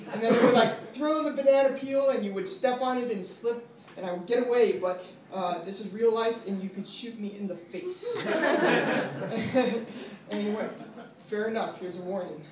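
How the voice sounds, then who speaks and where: A man in his twenties, a law student, doing casual and profane stand-up comedy with lots of fillers at an open mic. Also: high-pitched. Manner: casual, profane, self-deprecating delivery with many fillers. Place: small comedy venue with live audience. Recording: echoey room from far off, noisy.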